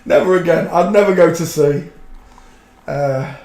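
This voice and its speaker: A middle-aged man tells loose, colloquial anecdotes as a livestream host. His voice sits slightly high for a man. The room around him adds a noticeable echo. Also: a little slow, a little mellow. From a fishing town. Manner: rambling, colloquial anecdote-teller. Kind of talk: casual storytelling chat. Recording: roomy echo.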